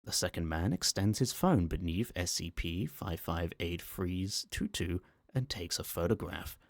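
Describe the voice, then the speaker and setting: A man reading a horror story aloud as an ASMR narrator, calm, measured and matter-of-fact, on a close microphone. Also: sits low, dry recording.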